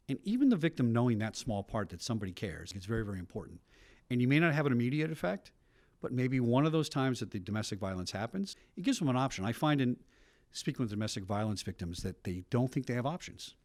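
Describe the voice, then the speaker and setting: A middle-aged man, a retired police officer, telling stories in a documentary interview with brisk asides. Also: mid-range voice, big pitch swings, a little mellow, dry recording. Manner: brisk storytelling with frequent asides.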